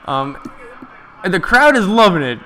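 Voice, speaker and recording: Bright high-voiced man doing excited play-by-play. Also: a little slow. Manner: excited, chatty, talks to viewers. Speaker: live game commentator. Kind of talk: casual play-by-play from a stream.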